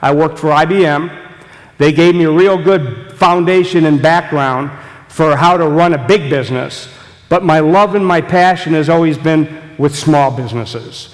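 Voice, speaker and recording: A man's voice: fairly high pitch, normal speed. An older man giving a jokey, audience-engaging business talk as guest speaker at a meeting. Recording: long echoey hall reverb.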